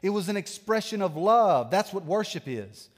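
Animated preacher in a reverberant church. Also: male voice, sits high, normal speed. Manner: animated preaching, swinging from loud to hushed. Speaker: pastor. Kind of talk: sermon. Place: church sanctuary.

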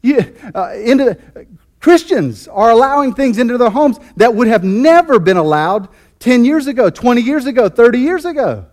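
A man's voice: very high-pitched, animated, normal speed, a little mellow. A man preaching a sermon as pastor, fervent and emphatic, often repeating and restarting his phrases.

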